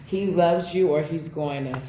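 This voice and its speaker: A woman's voice: low voice, a little slow, dark tone. Blunt, profane woman doing a tarot reading. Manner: blunt and profane, calling out cards. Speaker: tarot reader. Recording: roomy echo with faint background noise.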